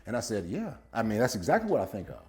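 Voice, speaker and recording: A man's voice: fairly low pitch, wildly swooping pitch, quick pace, a little mellow. A man, a former football player turned business coach, telling a story to camera and quoting a friend aloud with frequent laughs.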